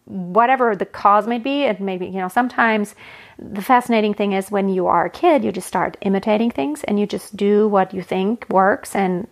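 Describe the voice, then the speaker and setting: A woman's voice: mid-range voice, moderate pace, gravelly. A woman voice coach talking through a solo podcast episode, chatty and explanatory, often restarting mid-phrase.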